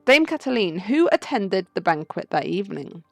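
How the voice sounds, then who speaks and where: A woman's voice: mid-range voice, sing-song, normal speed, no room sound, soft background music. A woman reading lines for an earnest bird lawyer in a video game, formal and courteous.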